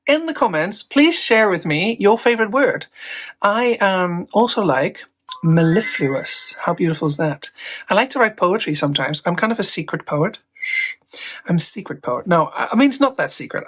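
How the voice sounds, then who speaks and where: A woman in her forties, an art teacher chatting in her small home studio, talking close to a phone with bubbly, rambling, self-amused energy. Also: fairly low pitch. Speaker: mixed media artist and art teacher. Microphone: phone held close up.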